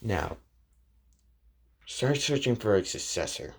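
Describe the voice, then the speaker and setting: A hushed, low-pitched ancient master who speaks slowly and calmly, as a man puts him on. He gives commands in a soft, measured way. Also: heavily acted. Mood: calm, commanding. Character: ancient calm all-powerful male master.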